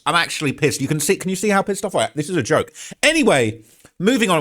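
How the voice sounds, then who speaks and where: A man's voice: on the high side, expressive, fast talker, fairly bright tone. A man hosting a true-crime commentary show, ranting with heated sarcasm and reading out online comments. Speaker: host.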